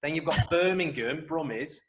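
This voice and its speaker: Brief: young northern English male co-host, casual podcast banter, earnest and animated. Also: a little high, normal speed. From northwest England, near Wigan.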